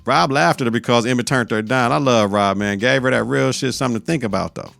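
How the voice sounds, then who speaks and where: A man's voice: mid-range voice, fast, vocal fry, a bit bright, no room sound. A male podcast host giving a casual, profane recap of a TV episode, laughing often.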